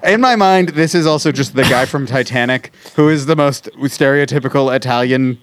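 A man co-hosting a podcast, joking sardonically with swearing and quick tangents. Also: medium pitch, a little hiss or hum. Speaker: podcast co-host. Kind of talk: casual comedic chat.

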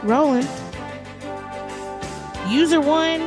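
A woman co-hosting a podcast, reading sponsor shout-outs in a lively, animated way. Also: measured pace, over music. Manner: lively, animated, swings her pitch high and low. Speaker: podcast co-host.

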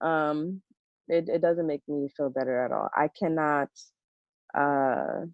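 Halting worried woman, slightly dull sound. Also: low voice, no echo. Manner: reflective, worried, halting with many restarts. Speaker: working parent. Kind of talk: casual podcast conversation.

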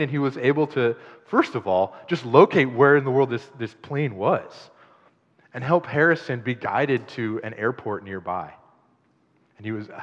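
A pastor giving a conversational, lively sermon, leaning into stories and throwing in chatty asides. His voice sits at an ordinary middle pitch, a little dull and lo-fi, and echoes with a long reverb through a large hall. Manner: conversational, animated storytelling with asides.

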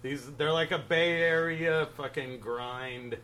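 A man's voice: fairly high pitch, takes it slowly, very noisy. A man hosting a casual chat, reacting and swearing in a laid-back way.

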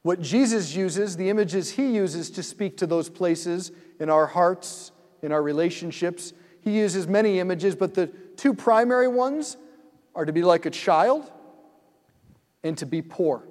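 With a high voice, an unhurried pace and hardly any pauses, a man delivers a story-filled sermon in a large hall at a church event lasting several nights. He's an animated storyteller who performs his own thoughts.

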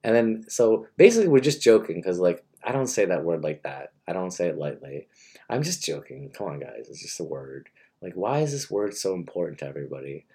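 A man's voice: low voice, big pitch swings, brisk, warm tone, slightly rough. A man talking in a crude, rambling monologue full of restarts.

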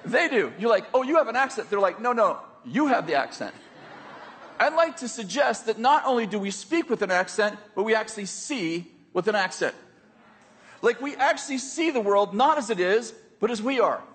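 An American man preaching with a husky, slightly breathy voice that sits high for a man. He keeps it conversational and joking and often turns to his listeners to check they follow. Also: very animated, normal speed, a bit bright. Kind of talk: sermon.

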